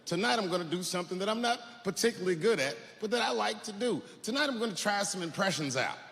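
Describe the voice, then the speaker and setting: Loud, animated stand-up comedian man. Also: sits high, quick pace, creaky. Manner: profane, swings from muttering to shouting. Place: stage before a live audience. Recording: long hall reverb, noisy live room.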